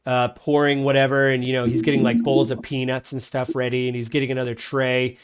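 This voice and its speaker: Man game master, mid-pitched, casual rambling narration full of fillers. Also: little pitch movement, a little fast, clear, resonant tone. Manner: rambling, many fillers, laughs easily.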